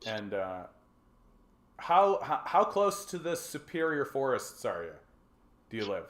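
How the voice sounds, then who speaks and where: A man's voice: medium pitch, sing-song, measured pace, fairly bright tone, roomy sound. A man from Canada hosting a casual call-in livestream, rambling and joking with lots of swearing, fillers and restarts. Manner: rambling, profane and jokey, with many fillers and restarts. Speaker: livestream host.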